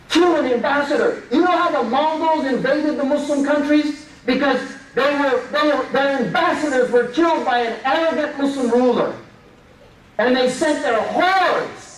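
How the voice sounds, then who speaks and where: A man's voice: very high voice, slight background noise. A man giving an impassioned Friday sermon in a mosque, emphatic and full of rhetorical questions. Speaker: preacher. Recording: echoey hall, mic at a distance.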